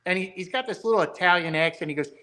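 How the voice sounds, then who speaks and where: A man's voice: sits high, racing, bright, forceful tone. A man talking as a guest about building a car, telling rambling, enthusiastic stories. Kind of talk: casual chat.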